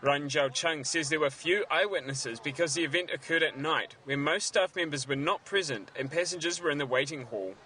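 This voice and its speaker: A man filing a recorded news report outdoors in a city, with a measured, even delivery. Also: fairly high pitch, a little hiss or hum.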